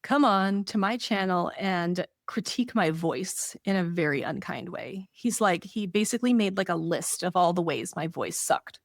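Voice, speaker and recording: A woman co-hosting a podcast, chatty and animated as she gives casual advice. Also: on the low side, normal speed, few pauses, no echo, studio quality. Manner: chatty and animated, laughs often. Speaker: podcast co-host.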